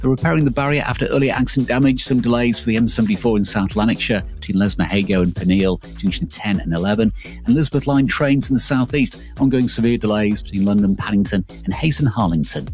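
A man reading a radio traffic bulletin in a brisk, clipped manner. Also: on the low side, darkish tone, soft background music. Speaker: traffic announcer.

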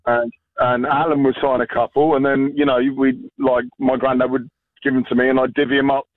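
A man's voice: mid-range voice, flat delivery, brisk. Irish man on a tinny phone line. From Ireland. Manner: rambling, many fillers. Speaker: caller. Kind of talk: phone-in anecdote.

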